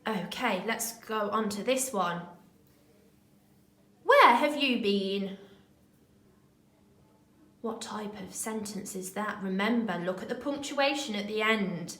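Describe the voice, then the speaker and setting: A woman primary school teacher talking young children through a remote lesson, slow, clear and encouraging. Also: medium pitch, a bit bright, reverberant, rough recording.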